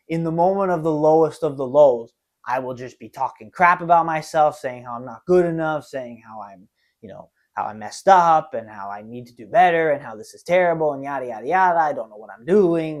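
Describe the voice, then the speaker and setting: A man of twenty hosting a solo podcast, talking earnestly and self-reflectively, often tagging his thoughts with "right?". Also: fairly high pitch. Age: 20s. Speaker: podcast host. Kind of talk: solo confessional monologue.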